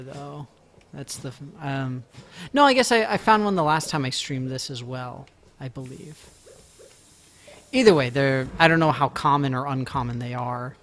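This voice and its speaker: A man streaming a farming game, chatting casually and playfully, teasing his viewers and breaking into excited outbursts. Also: medium pitch. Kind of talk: casual live-stream chat. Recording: faint music behind.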